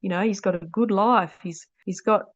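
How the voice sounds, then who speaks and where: A woman's voice: medium pitch, normal speed, no room sound. A woman in her thirties, a mother on a podcast, telling her family's story in a rambling, earnest way. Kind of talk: casual storytelling. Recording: dull lo-fi dry sound.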